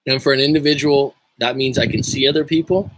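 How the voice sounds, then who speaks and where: Male life coach, livestream host, mid-pitched voice, jokey, swears freely, loose rambling delivery. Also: steady tone, fast talker, no echo, poor audio. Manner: joking, profane, rambling with restarts. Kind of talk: casual livestream talk, reading viewer comments.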